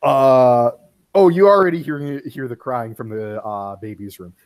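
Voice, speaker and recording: A man narrating a tabletop game as game master, halting with many fillers. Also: mid-range voice.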